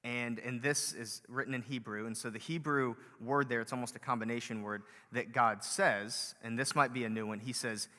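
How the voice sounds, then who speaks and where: A man's voice: mid-range voice, steady tone, brisk, few pauses, bright, forceful tone. A man preaching a conversational sermon as pastor, with frequent fillers and building emphasis. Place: church hall. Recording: long hall reverb.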